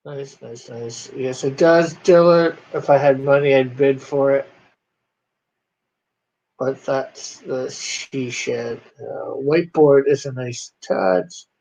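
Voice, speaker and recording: A man's voice: medium pitch, fairly even intonation, slow pace, creaky, dull audio. A man hosting a casual livestream over a video call, rambling and reading chat comments aloud. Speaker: comic artist hosting a livestream. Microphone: video call on a computer.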